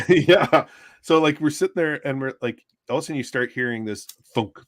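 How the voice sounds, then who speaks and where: Laughing, animated male storyteller, dry sound. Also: medium pitch, fairly quick, no echo. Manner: animated storyteller, acts out voices, laughs often. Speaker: first responder telling a call story. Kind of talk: casual storytelling among friends. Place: home art studio, on a livestream.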